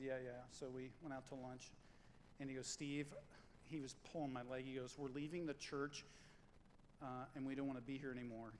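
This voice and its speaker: A man preaching a sermon as pastor, in a conversational, animated way, acting out quotes and stories. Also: medium pitch, in a large hall, a little hiss or hum, rough recording.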